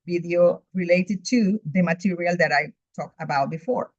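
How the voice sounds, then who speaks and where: Methodical teacher, dull lo-fi sound. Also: female voice, on the low side, moderate pace, no echo. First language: Spanish. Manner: methodical, reading through a course outline. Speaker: English teacher. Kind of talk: recorded course overview. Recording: dull lo-fi recording, dry.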